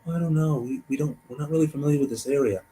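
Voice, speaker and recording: A man's voice: on the high side, fast talker, mellow, slight background noise, pitched above the performer's own voice, lightly acted, rough recording. A man acting out a nervous young man who hesitates and stammers before going along. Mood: hesitant.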